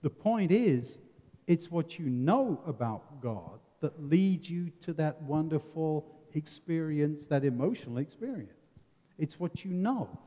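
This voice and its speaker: His voice sits on the high side, mellow and very animated, though he never hurries. He's a man from England with an English accent presenting a seminar, earnest, given to rhetorical questions and wry jokes, heard in a reverberant hall.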